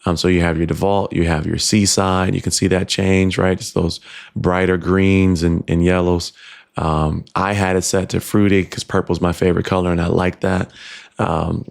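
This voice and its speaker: A man's voice: low voice, flat delivery, normal speed, gravelly. A man casually walking through a product demo in his home studio, explaining settings with frequent ums and restarts. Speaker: tech reviewer. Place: home studio with computer fans nearby. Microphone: dynamic USB/XLR desk mic, switching to camera shotgun mic.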